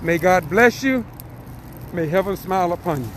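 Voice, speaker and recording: A man preaching an impassioned message, repeating phrases and swelling into shouted cries. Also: sits high, lively intonation, normal speed, slight background noise. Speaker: street preacher.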